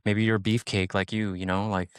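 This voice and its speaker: A man's voice: lowish voice, flat delivery, brisk, clean tone, no room sound, studio quality. A man, a sheriff's deputy, talking in a casual podcast chat, rambling with lots of "like" and "you know" and swearing freely.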